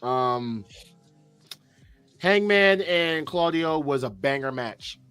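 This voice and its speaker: Animated man co-hosting a wrestling podcast. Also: on the high side, slow pace, clear, resonant tone, faint music behind. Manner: animated, swears, asks leading questions. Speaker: podcast co-host. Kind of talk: casual wrestling chat.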